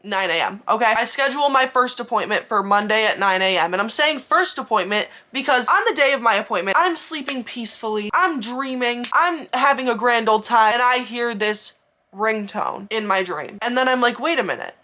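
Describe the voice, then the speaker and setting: A woman's voice: on the high side, normal speed, sharp tone. A young woman telling a storytime vlog, ranting in an exasperated, sarcastic way. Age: young adult. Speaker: vlogger. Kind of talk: casual storytime rant.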